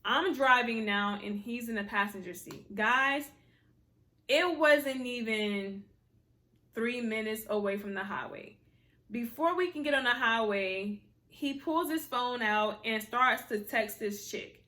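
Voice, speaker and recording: A young woman telling a personal story to her viewers in a casual, animated way, full of slang and exasperated asides. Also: a little high, unhurried.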